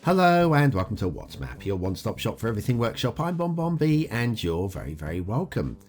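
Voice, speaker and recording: A man's voice: lowish voice, wildly swooping pitch, a little fast. A man hosting a game review show, talking through gameplay in an upbeat, chatty way with frequent "uh" fillers. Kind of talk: casual gameplay commentary. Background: faint guitar music.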